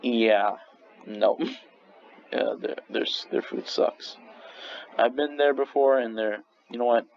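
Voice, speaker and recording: A man's voice: medium pitch, slow, vocal fry, long pauses. A young man casually ranking restaurants in a rambling, swearing vlog monologue full of restarts. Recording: slightly dull lo-fi recording with faint noise.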